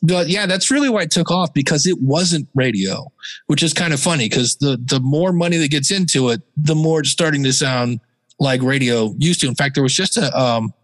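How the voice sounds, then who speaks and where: A man, a podcaster being interviewed, chatting casually and telling animated stories with bits of mimicry. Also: fairly high pitch, moderate pace, big-room sound, rough recording. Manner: animated storyteller, jumps into mimicry. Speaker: podcaster guest.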